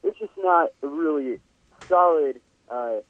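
A man's voice: fairly high pitch, a little slow, no echo. A young man, a guest musician, telling a rambling college story with laughs and fillers. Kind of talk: casual storytelling. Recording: tinny phone line, dry.

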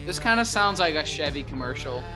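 A man's voice: on the high side, expressive, a little fast, pushed and bright, faint music behind. A young man co-hosting a casual podcast, goofy and laughing through his lines. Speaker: podcast co-host. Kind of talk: casual chat with a joking sung freestyle.

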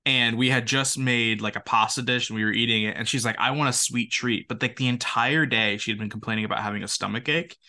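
Bright-voiced young man telling stories. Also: mid-range voice, fast talker, few pauses. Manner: animated, laughing, quotes friends in voices. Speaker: podcast co-host. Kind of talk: casual chat, storytelling.

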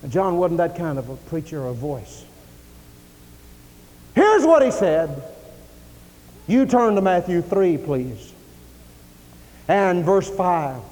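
A male preacher delivers a dramatic sermon in a church, acting out dialogue and swinging between loud declarations and hushed asides. His voice sits high for a man. A long reverb from the large sanctuary trails each line. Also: big pitch swings, slow, long pauses.

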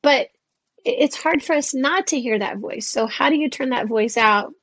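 A woman in her fifties chatting as a guest in an interview, animated and acting out the voices she quotes. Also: sits high, normal speed, no echo. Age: 50s. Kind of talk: casual interview chat.

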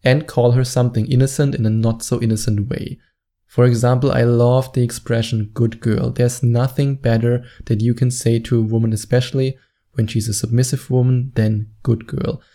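A man's voice: mid-range voice, level tone, normal speed, dark tone. A man giving dating advice straight to camera in a confident, instructive way, stretching words out for emphasis. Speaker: dating coach. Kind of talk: direct-to-camera advice monologue.

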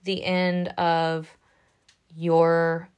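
Gentle, chatty woman tarot reader. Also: lowish voice, monotone, extremely slow, clean tone. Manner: gentle and reassuring, chatty with many "like" and "right?" asides. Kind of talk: casual spoken tarot reading.

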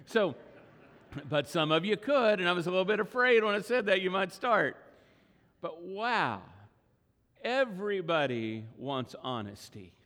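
A middle-aged man preaching a sermon as pastor, earnest and emphatic, slowing down to stress key words. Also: high-pitched, sing-song, fairly bright tone. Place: church sanctuary. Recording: long hall reverb.

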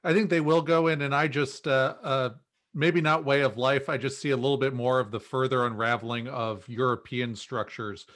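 A man's voice: mid-range voice, fairly even intonation, moderate pace, a bit bright. A man on a podcast panel, speaking thoughtfully with some hesitation. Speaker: panel guest. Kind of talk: casual panel discussion.

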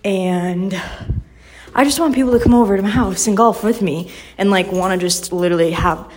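A woman's voice: medium pitch, normal speed, darkish tone. Chatty young woman podcasting. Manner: chatty, rambling, apologetic, full of "like" and "um". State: out of breath after stairs. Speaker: podcast host. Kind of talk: casual solo podcast chat.

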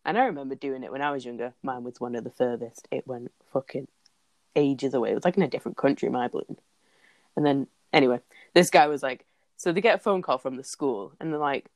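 A woman's voice: very deep voice, fast talker, a little mellow, dry recording. A British woman in casual chat, playful and sweary, telling stories and guessing answers with a giggle. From Britain. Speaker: podcast co-host.

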